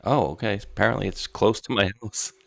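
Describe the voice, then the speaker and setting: This Rhode Island co-host, a middle-aged man, keeps the livestream chat loose and rambling, laughing a lot and dropping words like "bro" and "dude." He sounds animated, with a lowish, fairly bright voice, vocal fry, and a moderate pace.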